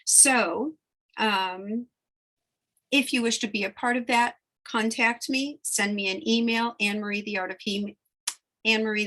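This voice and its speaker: A woman's voice: mid-range voice, sharp tone. A woman hypnotherapist chatting casually to her followers, emotional and rambling, often breaking off mid-sentence. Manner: emotional, rambling, self-interrupting. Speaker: spiritual hypnotherapist. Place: New York.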